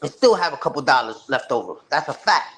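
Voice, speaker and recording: A man's voice: medium pitch, sing-song, fast talker, fairly bright tone. A man chatting casually with a live stream audience. He tells loose, slang-heavy, profane stories full of restarts. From New York.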